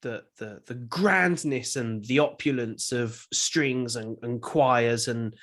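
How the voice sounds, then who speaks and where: A man's voice: mid-range voice, takes it slowly, fairly bright tone. A man hosting a podcast interview, asking long, rambling questions with many repeated words. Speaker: podcast host. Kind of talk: casual interview chat.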